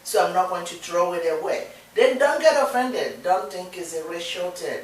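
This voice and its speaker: A woman from Nigeria, speaking with a Nigerian accent, co-hosts a casual talk show in a lowish voice with lively intonation at a moderate pace. She is earnest and encouraging, repeating points for emphasis, and the audio sounds distant and echoey.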